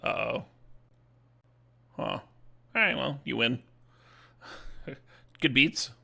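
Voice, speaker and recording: A man's voice: mid-range voice, expressive, drawn-out words, gravelly, pushed and bright. A man streaming a card game, talking through his plays in a casual, swearing, laughing way. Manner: swears casually, laughs often, thinks aloud. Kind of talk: casual live-stream commentary.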